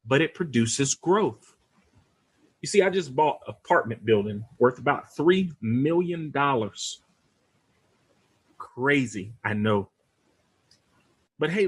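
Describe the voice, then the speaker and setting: A man, a podcast host giving an animated, motivational talk that calls out to listeners as y'all. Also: a little high, breathy edge. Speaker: podcast host and real estate investor.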